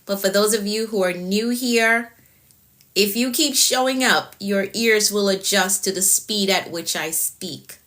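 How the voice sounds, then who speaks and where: Fast-talking Jamaican woman coach. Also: mid-range voice, a bit bright. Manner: fast-talking, repeats "okay?" often. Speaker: productivity coach. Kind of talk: live-stream teaching.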